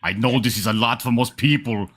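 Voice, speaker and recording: A man putting on an Austrian German accent to play a huge, musclebound man who talks slowly and heavily. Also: medium pitch, a bit bright, close to an everyday voice. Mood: deadpan bragging. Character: slow, hulking musclebound man, put-on Arnold impression. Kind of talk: comic impression.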